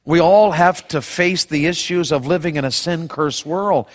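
A man's voice: on the high side, moderate pace, long reverb tail. A male pastor preaching a sermon, telling a folksy personal story and acting out the voices in it.

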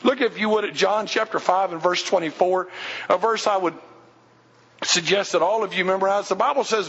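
A man's voice: sits high, normal speed, a bit bright. A male pastor preaching a sermon in a church, emphatic and repetitive, calling on the congregation to respond. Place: church sanctuary. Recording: dull sound with long hall reverb.

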